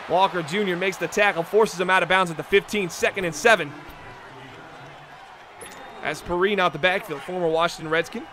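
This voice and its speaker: A man hosting a live stream, calling video game plays with excitable commentary that breaks into hollers on big moments. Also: high voice, brisk, a little hiss or hum. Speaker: stream host and play-by-play commentator.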